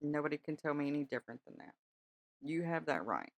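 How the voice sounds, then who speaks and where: A woman's voice: deep voice, lively intonation, brisk, no echo. A woman hosting a podcast in a chatty, reassuring way, often checking in with her listeners. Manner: chatty, reassuring, many "all right?" check-ins. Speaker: podcast host. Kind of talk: casual spiritual talk.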